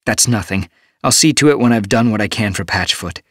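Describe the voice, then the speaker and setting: Brisk, reassuring she-cat warrior, pitched high, as a male narrator puts her on; dry booth sound. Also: a bit bright, no room sound. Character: female cat warrior, calm, capable healer. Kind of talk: audiobook character voice.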